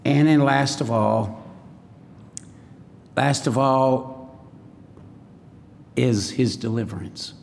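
A man's voice: medium pitch, fairly even intonation, extremely slow, creaky, pauses often, a little mellow, big-room sound, a little hiss or hum. A man preaching a sermon in a folksy way, often asking the congregation questions.

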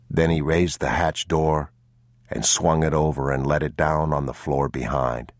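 Very deep, slow male audiobook narrator. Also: steady tone, no echo, clean studio sound. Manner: grave, measured and somber. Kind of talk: scripted narration.

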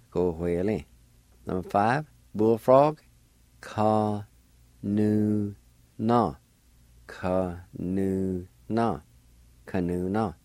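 A man hosting a radio language lesson, slowly spelling words letter by letter and repeating each one. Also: fairly low pitch, mellow, no echo. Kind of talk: slow spelling and pronunciation lesson.

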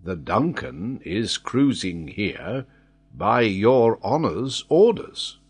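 Man voicing a calm old sailor, husky, slow, audiobook. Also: mid-range voice, full character voice. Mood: puzzled. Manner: calm, plain answers. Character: faithful old male ship's sailor, bewildered.

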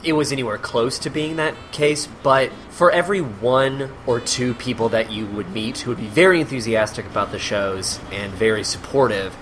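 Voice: mid-range voice, normal speed, hardly any pauses, slight background noise. A guest who performs improv on cruise ships, telling stories in casual chat and acting out the people in them. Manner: animated storyteller, acts out quoted people, laughs often.

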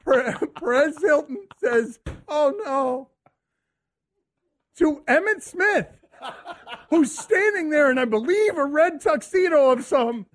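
A man hosting a sports radio show, excitable and mocking, often laughing as he talks. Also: very high-pitched, unhurried.

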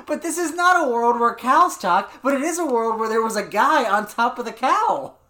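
A woman co-hosting a podcast, arguing about movies in a lively, emphatic way and swearing freely. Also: fairly high pitch, moderate pace. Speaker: podcast co-host. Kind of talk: casual movie banter.

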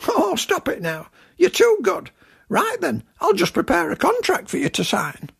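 A man voicing a fussy, officious middle-aged male showbiz agent in a comic radio act, with a high-pitched, gravelly voice. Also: wildly swooping pitch, normal speed, fairly bright tone, exaggerated voice. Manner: indignant, prim and officious. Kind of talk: comic radio character acting.

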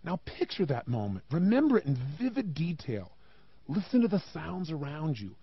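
Animated gravelly motivational speaker, man. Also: on the high side, moderate pace, highs cut off. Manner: rhetorical questions, emphatic and animated. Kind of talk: motivational talk.

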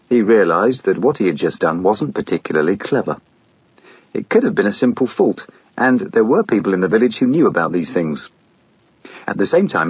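A man narrating an audiobook in a measured, steady storytelling manner. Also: sits low, breathy edge, dry recording, lo-fi sound.

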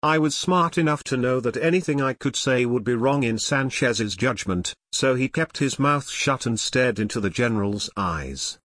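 A man reading nonfiction as an audiobook narrator, in a measured, even manner. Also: mid-range voice, no room sound, clean studio sound.

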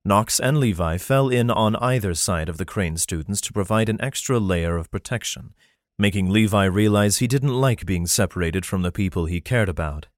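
A male audiobook narrator with a low voice reads scripted fantasy narration at a moderate pace. The recording is dry and has a clean studio sound.

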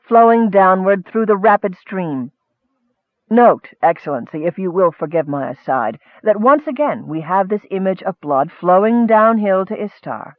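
A man's voice: high-pitched, no echo. A man narrating an audiobook, with scholarly asides addressed to a superior, heard through a thin, phone-like recording.

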